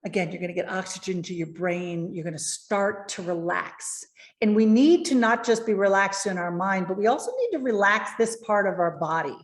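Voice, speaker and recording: Lively woman coaching on a video call. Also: mid-range voice, normal speed, roomy sound. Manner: lively, encouraging, addresses viewers directly. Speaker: presentation coach.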